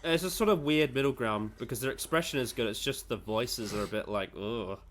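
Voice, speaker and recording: A man co-hosting a review show speaks at an ordinary mid pitch. He drops dry, wry remarks in easy conversation over a faint hiss. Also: expressive, fairly quick, fairly bright tone. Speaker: reaction video co-host. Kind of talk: casual reaction chat.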